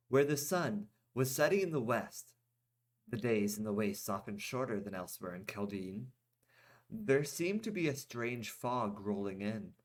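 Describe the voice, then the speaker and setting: A male storyteller reading his own fantasy fiction at a slow, easy pace. His delivery is lively and expressive, with pitch that rises and falls freely, and he drops into relaxed, chatty asides between passages. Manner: unhurried, expressive reading that breaks into casual asides. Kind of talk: storybook narration.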